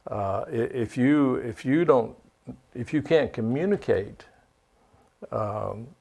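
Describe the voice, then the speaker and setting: A man's voice: mid-range voice, slow pace, vocal fry, mellow, slightly rough. A man, a guest on a studio talk show, explaining things emphatically and repeating his key points. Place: recording studio.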